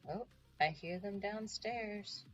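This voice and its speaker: Lady streamer talking slow and low, giggly and chatty, kinda muffled lo-fi audio. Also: soft background music. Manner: chatty, giggly, self-mocking. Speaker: livestreamer. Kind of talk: casual livestream chat while body painting. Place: home.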